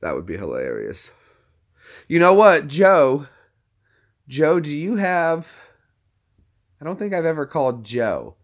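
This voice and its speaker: A man's voice: a little high, huge pitch swings, a little slow, long pauses. A man hosting a casual livestream, chatty and upbeat, talking straight to his viewers. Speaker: livestream host.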